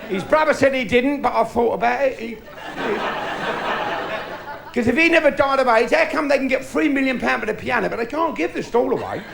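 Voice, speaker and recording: A middle-aged man tells bawdy tales on stage, his voice high and gravelly with a lively, swooping delivery. The live recording is noisy, with a loud crowd laughing all around. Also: brisk. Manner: bawdy, cheeky, storytelling with punchlines. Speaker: stand-up comedian. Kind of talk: stand-up comedy routine. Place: theatre stage before a live audience.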